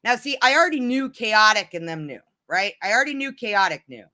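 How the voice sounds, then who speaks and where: A woman's voice: medium pitch, big pitch swings, brisk, bright, forceful tone. A woman chatting casually to her viewers, telling a story in a rambling way, with many restarts.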